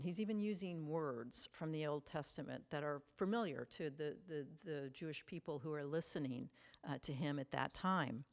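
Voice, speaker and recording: A woman teaching a Bible study in a casual, conversational way, with frequent fillers and restarts. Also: sits low.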